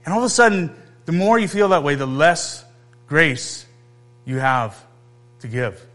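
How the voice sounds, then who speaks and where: A male pastor preaching a conversational sermon, emphatic, pausing and posing questions to his listeners. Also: fairly high pitch, expressive, fairly bright tone.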